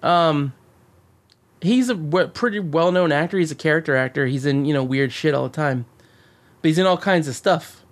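A man co-hosting a podcast, chatting casually and excitedly about a movie, swearing and rambling with many restarts. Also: a little high, moderate pace. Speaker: podcast co-host.

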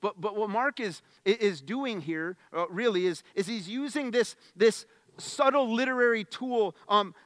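A male pastor preaches in a high, bright voice with earnest emphasis, stumbling over and repeating his opening words as he goes. He drops to near-hushed tones and then climbs to loud, insistent lines. The sound is close and dry, with no room echo. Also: normal speed. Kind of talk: sermon.

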